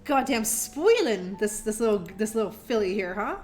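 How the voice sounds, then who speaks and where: A woman's voice: a little high, sing-song, moderate pace, faint music behind. A woman streamer chatting to her viewers and reading a children's book aloud, rambling and laughing often, with playful swearing, a little tipsy. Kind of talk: casual live-stream chat and reading aloud.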